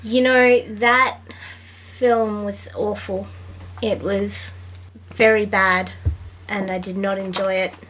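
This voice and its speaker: A woman's voice: medium pitch, level tone, slow, fairly bright tone, a little hiss or hum. A woman guest on a podcast, reading book passages aloud and chatting in a dry, easygoing way.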